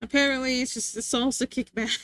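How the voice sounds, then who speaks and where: A woman's voice: high-pitched, a bit bright, no room sound. A woman streaming live and chatting casually with her chat, playful and teasing, laughing often.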